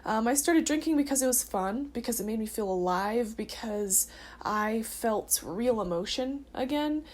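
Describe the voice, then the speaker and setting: Young woman, early twenties, slightly high voice, casual and heartfelt personal vlog delivery. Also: expressive, normal speed, darkish tone. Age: early 20s. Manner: earnest and chatty, with filler words. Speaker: vlogger sharing her testimony.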